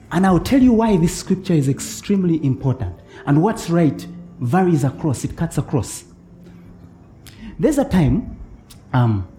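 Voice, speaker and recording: A man preaching a sermon as pastor, often checking in with his congregation and chuckling between points. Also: a little high. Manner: animated preaching with frequent "eh?" check-ins and chuckles.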